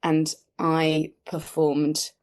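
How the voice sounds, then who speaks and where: A woman's voice: low-pitched, completely flat delivery, very slow. A woman, chatting as a comedy guest in a casual, self-deprecating way with lots of fillers. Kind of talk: casual interview chat.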